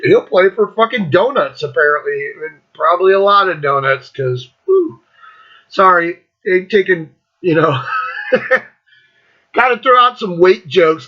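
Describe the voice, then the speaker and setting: A man in his fifties hosts his own podcast, delivering a blunt, mocking rant with free swearing and frequent laughter. His voice sits high with a breathy edge, and the audio sounds dull.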